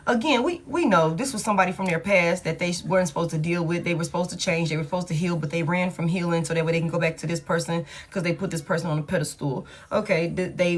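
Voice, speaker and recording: A woman reading tarot cards for her viewers in a casual, blunt, profane way, talking straight to them. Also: on the low side. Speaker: tarot reader.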